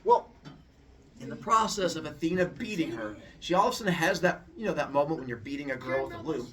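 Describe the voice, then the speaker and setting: Animated man retelling a story. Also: fairly high pitch, quick pace, recorded from a distance, background noise. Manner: animated, casual, acts out voices and sounds.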